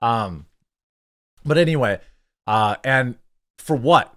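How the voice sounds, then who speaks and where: A man hosts a political commentary show, reading news stories aloud and breaking in with sarcastic, opinionated remarks. His voice sits at an ordinary middle pitch. The sound is dry and close, with almost no room around it. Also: animated, slow pace, a bit bright, no echo. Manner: sarcastic, opinionated asides between quoted passages.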